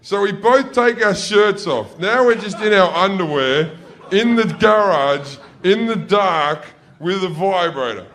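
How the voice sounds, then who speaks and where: A man's voice: high voice, expressive, a little slow. Australian man telling stand-up stories. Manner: profane, loose, jumps into loud yelled impressions. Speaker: stand-up comedian. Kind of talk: stand-up storytelling. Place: stage before a laughing audience.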